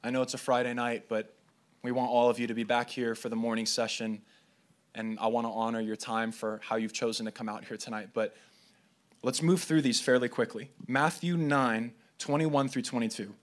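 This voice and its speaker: A man giving a sermon to a gathering, pitched at an everyday middle level for a man. He reads scripture passages aloud in a running, conversational way. He sometimes trips and restarts his phrases. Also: little pitch movement, normal speed. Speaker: preacher.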